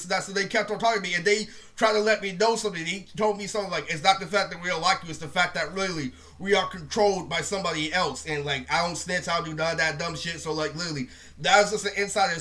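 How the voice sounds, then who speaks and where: A man's voice: high-pitched, pushed and bright. A young man telling a rambling, profane storytime rant to camera, saying "literally" over and over. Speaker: vlogger.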